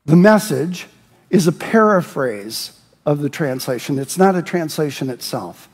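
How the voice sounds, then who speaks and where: Pastor, male, high tenor voice, sermon with passionate shouted verses, long church reverb. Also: expressive, unhurried, breathy edge. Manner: preaching, rising to shouts on scripture. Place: church sanctuary.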